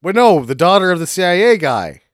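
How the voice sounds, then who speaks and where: A man's voice: high voice, sing-song, fairly quick, no echo, studio quality. A man chatting casually as a podcast co-host, sarcastic and crude, acting out movie scenes. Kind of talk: casual movie-riffing chat.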